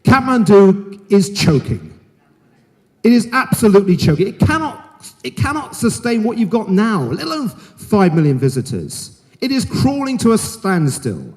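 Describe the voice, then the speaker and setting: A middle-aged man delivers a conference keynote with a frank, jokey edge, his voice sitting high and swinging widely as he makes his points. The sound carries a long reverb from a large hall. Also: sing-song, moderate pace, a little mellow. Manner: frank, jokey and emphatic, talks straight to the audience. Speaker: keynote speaker.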